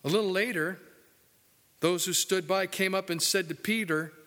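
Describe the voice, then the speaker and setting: A male pastor preaching a folksy, joking sermon, dropping low and soft for the solemn points. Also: normal speed, big-room sound.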